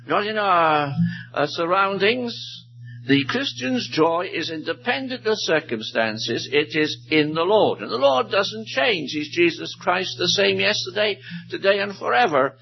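Lively-pitched preacher man, lo-fi. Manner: measured, emphatic, slows to stress key words. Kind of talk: expository sermon. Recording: dull lo-fi recording with faint noise.

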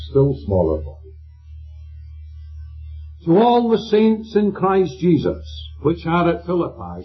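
A man preaching a sermon with an emphatic delivery, checking in with his listeners through questions. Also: fairly high pitch. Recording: dull lo-fi recording with faint music.

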